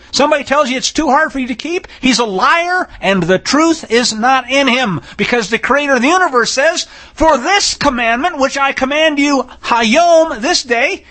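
A man's voice: very high-pitched, animated, moderate pace, sharp tone. A man preaching a sermon, folksy and emphatic, with sarcastic asides and pointed scripture reading. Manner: reads scripture aloud, stressing single words. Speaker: Bible teacher.

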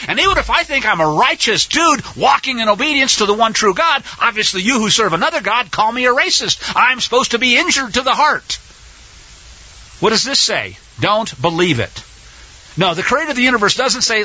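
A man preaching a fiery sermon, impassioned and sarcastic, sometimes shouting. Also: very high voice, husky, highs cut off.

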